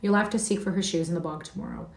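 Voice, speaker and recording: Woman reader doing a defiant, scornful young Heathcliff; low, roomy, off-mic. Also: rapid-fire, creaky. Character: Heathcliff, a wild defiant boy telling his tale. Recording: roomy sound from a distant mic.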